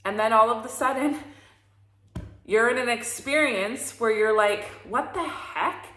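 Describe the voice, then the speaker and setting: Bright-voiced woman giving a motivational talk. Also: fairly high pitch, a little slow, reverberant. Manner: emphatic, preachy, swears freely. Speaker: spiritual coach.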